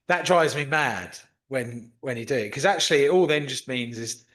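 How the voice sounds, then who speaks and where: A man's voice: mid-range voice, animated, normal speed, a bit bright. A man hosting a podcast, chatting casually and telling anecdotes in which he acts out other people's lines. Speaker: podcast host.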